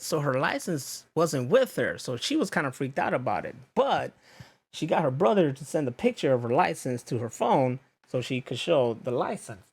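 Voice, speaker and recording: A young man hosting a podcast, ranting casually with lots of swearing and acting out what other people said. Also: medium pitch. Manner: animated, profane, acts out others' lines. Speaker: podcast host. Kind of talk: casual storytelling rant.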